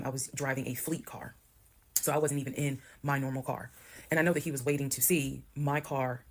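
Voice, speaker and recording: Fast-talking woman, gravelly voice. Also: a bass voice. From Georgia, US. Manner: animated, acts out quoted voices. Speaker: storyteller in a TikTok clip. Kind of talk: casual storytelling to camera. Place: played clip heard on a stream.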